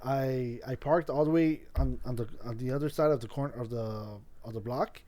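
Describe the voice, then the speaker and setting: A man's voice: medium pitch, moderate pace, dark tone. A man hosting a casual podcast, telling a rambling story with lots of swearing and restarts. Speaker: podcast host.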